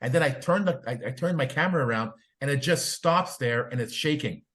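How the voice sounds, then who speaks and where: A man hosting a podcast in casual chat, excitable, his voice climbing when he gets going. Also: mid-range voice, fairly quick. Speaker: podcast host.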